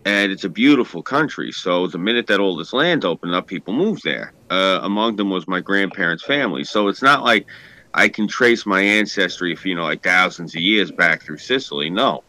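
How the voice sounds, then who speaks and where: Man, New York accent, deep, bright, dry close sound, casual rambling chat. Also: lively intonation, moderate pace, no echo. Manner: rambling, profane, hesitant. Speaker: podcast co-host.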